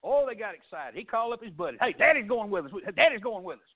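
Folksy preacher on a tinny line. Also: male voice, sits high, expressive, fast talker. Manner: folksy storytelling preacher, swings loud and soft. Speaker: pastor. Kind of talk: sermon. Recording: tinny phone-like sound.

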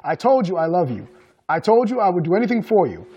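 A man's voice: sits high, lively intonation, fast talker, darkish tone, muffled recording, pitched above the performer's own voice. Man voicing a curt man walking out. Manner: curt and cutting. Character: blunt man in his thirties walking out.

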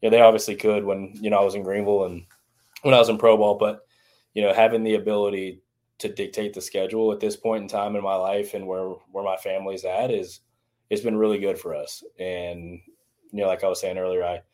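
A man's voice: fairly low pitch, little pitch movement, brisk, darkish tone. A man in his thirties, a baseball trainer and former strength coach, talking earnestly and reflectively in a casual interview.

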